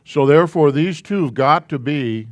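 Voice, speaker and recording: A man's voice: on the high side, normal speed, no echo, clean studio sound. A man teaching a Hebrew alphabet class in a church classroom, patiently explaining letters and syllables step by step.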